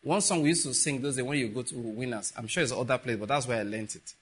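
A man preaching a sermon, telling stories with quiet asides that build to emphatic peaks. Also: mid-range voice, lively intonation, very fast, few pauses, breathy edge. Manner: storytelling with soft asides and rising emphatic peaks.

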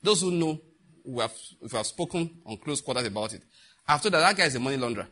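A man's voice: mid-range voice, quick pace. A middle-aged man from Nigeria telling funny stories and giving advice to young people, often breaking into laughter. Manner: laughing often, lively storyteller, preachy asides. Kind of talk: animated storytelling talk.

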